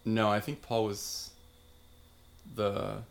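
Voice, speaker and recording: A man co-hosting a casual chat, making dry, deadpan asides. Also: on the low side, slow, vocal fry.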